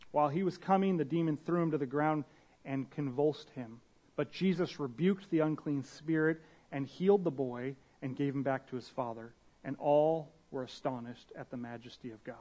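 A young man delivers a sermon in a loose, conversational style, slipping into slang and restarting his sentences as he reads and explains scripture. His voice sits a little higher than most men's. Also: a little mellow. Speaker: pastor.

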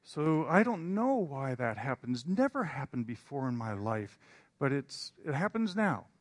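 A man's voice: medium pitch, very animated, measured pace, no echo. A man preaching in a storytelling style, rambling and self-deprecating, with hesitant restarts. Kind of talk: storytelling sermon.

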